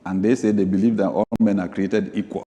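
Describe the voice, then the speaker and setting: A man preaching a sermon as pastor, reading scripture aloud, moving from low asides to sudden high, emphatic bursts. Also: little pitch movement, brisk, warm tone, a little hiss or hum. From Nigeria. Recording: long hall reverb.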